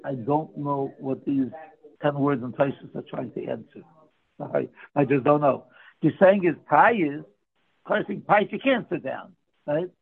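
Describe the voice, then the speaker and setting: A man's voice: on the high side, a little slow, vocal fry. A man teaching a daily Talmud class, explaining the text by posing questions and answering them himself. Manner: explains by asking and answering his own questions. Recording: tinny phone-like line.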